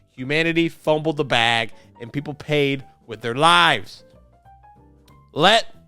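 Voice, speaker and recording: A young YouTube host with a slightly high, fairly bright, smooth voice reads a script aloud, breaking off for sarcastic jokes and chats with his dog. The recording is dry.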